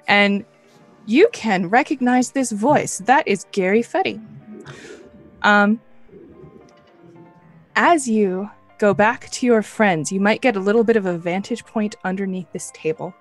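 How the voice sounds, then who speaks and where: A woman's voice: medium pitch, a little slow, faint music behind. Young woman narrating as game master. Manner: loose, filler-heavy narration.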